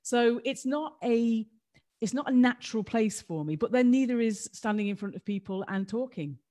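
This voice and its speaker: A woman's voice: fairly high pitch, lively intonation, moderate pace, mellow. A woman co-hosting a livestream, talking candidly and self-deprecatingly in a rambling way over a video call. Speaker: co-host.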